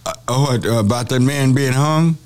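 Argumentative radio host. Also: male voice, mid-range voice, moderate pace, a little mellow. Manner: argumentative, insistent, repeats phrases. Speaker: radio call-in show host. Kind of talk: call-in radio talk.

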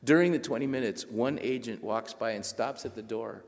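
Sex: man. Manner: animated storyteller, echoey hall. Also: medium pitch, normal speed, creaky. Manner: animated, self-mocking, acts out other voices. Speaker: author giving a talk. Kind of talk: storytelling talk to a live audience.

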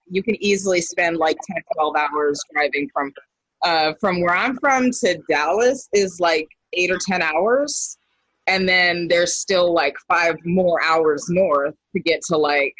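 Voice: medium pitch, a bit bright, no echo, poor audio. A guest from Texas telling stories in casual chat, easygoing, with lots of "like".

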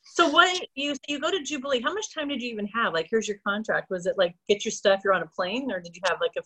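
A woman's voice: on the high side, fairly bright tone, breathy edge. A woman interviewer asking curious follow-up questions in a casual conversation. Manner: quick curious questions with short reactions.

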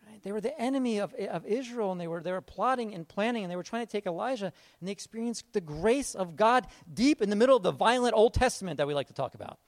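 Man, pastor, casual sermon, high voice, very lively pitch, acts out story figures. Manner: casual, animated, acts out Bible figures in quick asides.

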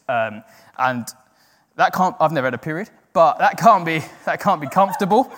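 A man's voice: fairly high pitch, fairly bright tone. A man giving an informal, earnest sermon with jokes to a church group. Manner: chatty, joking, earnest. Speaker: church speaker. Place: church hall. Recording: long hall reverb.

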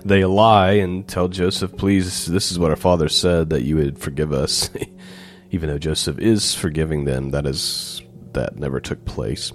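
A man with a very low, deep voice reads scripture passages aloud, then breaks off to explain them in plain, casual asides. He sounds like a Bible teacher walking through the text. Faint music plays under his voice. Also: fairly even intonation, unhurried. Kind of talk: scripture reading with commentary.

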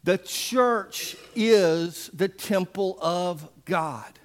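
A man's voice: sits high, very slow. A man preaching a sermon as pastor, folksy and emphatic with playful asides.

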